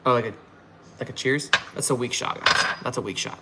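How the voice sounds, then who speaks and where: A man's voice: mid-range voice, a little fast, very noisy. A tipsy man hosting a live halftime reaction stream, fired up and rambling with frequent restarts. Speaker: fan livestream host.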